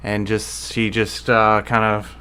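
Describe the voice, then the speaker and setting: A man's voice: on the low side, completely flat delivery, slow, pushed and bright, clean tone. A man narrating as game master of a tabletop game, rambling and correcting himself as he goes.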